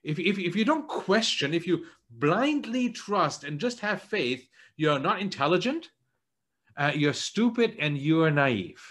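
Preaching unhurriedly, a man who serves as a church elder delivers an earnest sermon with big swings in pitch. He repeats words as he hunts for phrasing and goes low and quiet when quoting lines.

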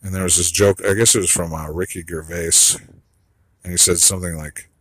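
Deep husky guy ranting on his own, swears a lot, wanders off topic, dry close sound. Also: fairly even intonation, fairly quick, fairly bright tone, no room sound, low-quality recording. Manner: profane, blunt, ranting with trailing asides. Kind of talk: rambling solo monologue.

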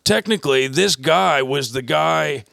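A man with a very gravelly, creaky voice and a bright, forceful edge tells a rambling story on a casual podcast. He jumps into quoted voices as he goes. The sound is dry and close. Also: on the high side, measured pace, no room sound. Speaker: podcast host.

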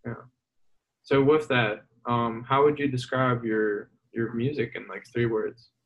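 A man's voice: medium pitch, fairly even intonation, a little slow, muffled recording. A man interviewing a guest in a casual, rambling way, full of fillers. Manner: casual, filler-heavy questions.

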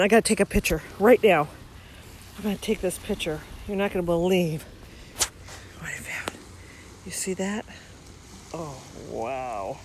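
A woman hosting a podcast as she walks along a beach, talking casually with lots of ums and bursts of excitement. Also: medium pitch, background noise. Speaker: podcast host. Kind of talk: casual walking monologue. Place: outdoors on a beach.

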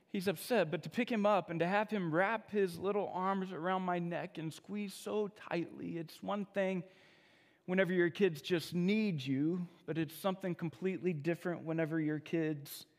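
A man's voice: high voice, long reverb tail. A man in his thirties, a pastor, preaching a sermon built on personal stories, talking in a conversational, self-deprecating way with frequent restarts.

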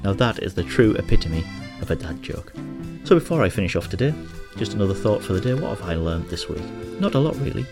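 A man's voice: fairly low pitch, big pitch swings, fast talker, music in the background. A man from Hartlepool with a local accent, hosting his own show in a chatty, joking way and telling a local legend. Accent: Hartlepool English. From Hartlepool, England. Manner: jokey, chatty storyteller who laughs at his own jokes. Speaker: host. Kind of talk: casual monologue and storytelling.

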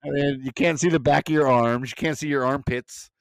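A man co-hosting a podcast in casual chat, agreeable and quick to laugh. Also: mid-range voice, fairly even intonation, no room sound. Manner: laughs easily, agreeable reactions. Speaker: podcast co-host.

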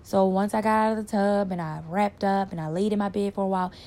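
A woman telling a personal story in a candid, reflective way, pausing and repeating words for emphasis. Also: medium pitch, fairly even intonation, warm tone. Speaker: storyteller sharing a personal experience.

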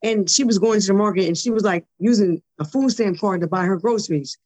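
Animated woman telling her story. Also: medium pitch, fairly quick. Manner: animated, acts out quoted dialogue, repeats words when excited. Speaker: podcast guest. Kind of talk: casual interview storytelling.

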